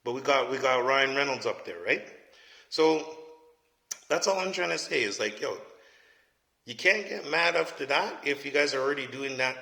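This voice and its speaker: A man's voice: mid-range voice, expressive, normal speed, vocal fry, pauses often, bright, forceful tone. A man, giving a blunt, profane, casual opinion rant and often asking "you know what I mean?". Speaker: commentator. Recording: echoey space with long reverb.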